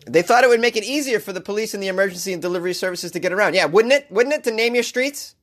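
A man with a slightly high voice rants through odd news items in a comic commentary show. He is sarcastic and animated, jumping into mock voices as he riffs. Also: very fast. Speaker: podcast host.

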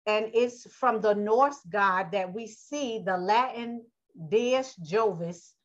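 A woman teaching a religious lesson, reading aloud slowly, stumbling over words and asking and answering her own questions. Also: mid-range voice. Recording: dull lo-fi audio.

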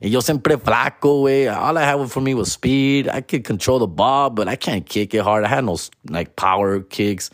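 A man's voice: mid-range voice, moderate pace, few pauses, dry recording, clean studio sound. A young man telling a profane, casual story, mixing Spanish and slang.

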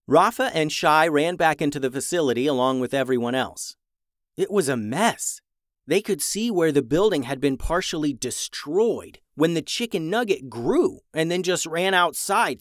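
Animated man narrating a children's story. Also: a little high, moderate pace, no echo, studio quality. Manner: animated, dramatic rises in tension.

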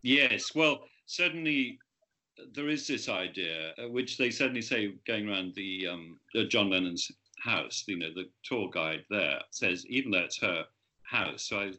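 A man's voice: fairly low pitch, animated, unhurried, pushed and bright. A man, an author, talking about his book in an interview, hesitant with many restarts.

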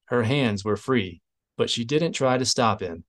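Male audiobook narrator, steady, even, mid-pitched. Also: unhurried. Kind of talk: scripted narration.

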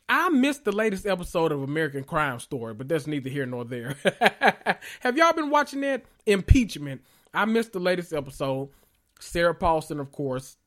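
Sassy man recapping reality TV. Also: fairly high pitch. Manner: sassy, gossipy, expressive with frequent laughs. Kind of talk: casual commentary vlog.

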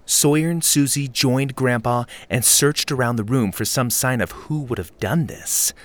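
A man narrating a children's adventure story with an animated, expressive read. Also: medium pitch, moderate pace, dry recording.

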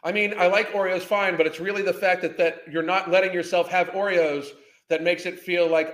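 High-pitched guy ranting and swearing nonstop, echoey room sound. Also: steady tone, a little fast, fairly bright tone. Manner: angry, swearing, insulting. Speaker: commentary channel host. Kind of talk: profane reaction rant.

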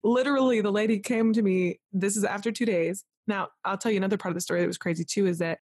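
A woman guest on a podcast telling an emotional personal story in a lively, rambling way, full of "like", acting out what others said. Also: mid-range voice, quick pace, no room sound, clean studio sound. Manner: animated, full of "like", acts out quoted voices. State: tearful at moments.

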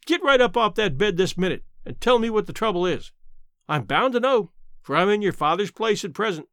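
A man voicing a blunt, sharp-tongued old countrywoman aunt in a story reading, dry and matter-of-fact, with plain country talk. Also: high-pitched, animated, fairly quick, smooth, no room sound.

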